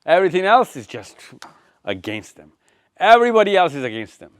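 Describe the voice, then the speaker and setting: A man's voice: high voice, big pitch swings, brisk, a bit bright, smooth, dry recording. A man giving a live lecture with slides, repeating phrases and calling on listeners by name. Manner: pointing through slides, quizzing the room. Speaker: touring speaker. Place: event room with audience.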